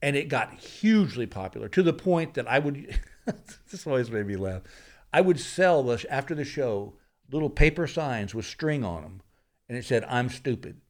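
A man's voice: mid-range voice, moderate pace. Man, from Texas, comedian guest, storytelling, acts out characters, studio. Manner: animated storyteller who acts out the people in his stories. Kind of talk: anecdotal storytelling.

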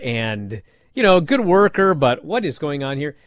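A man talks through a wrestling show in a loose podcast recap. His pitch swings up and down as he tells it, with frequent fillers, and the sound is dry with no room echo. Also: moderate pace. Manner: animated storytelling with frequent fillers.

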